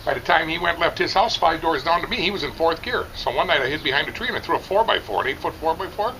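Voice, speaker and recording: Gravelly middle-aged man spinning a yarn. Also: on the high side, quick pace, slight background noise, rough recording. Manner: animated, rambling, acts out the story. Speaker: storyteller at a barbecue contest. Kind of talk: casual anecdote telling. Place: outdoors at a barbecue competition.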